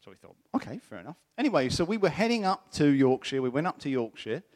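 A middle-aged man delivers a sermon built around a personal story. His voice sits a little high and rises and falls a great deal, and he acts out the voices of the people he quotes. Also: very animated, quick pace, a little mellow. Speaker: preacher.

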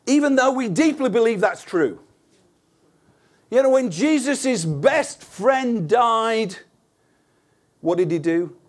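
Man, preacher, sermon, high voice, earnest, conversational, rhetorical questions. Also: animated, measured pace.

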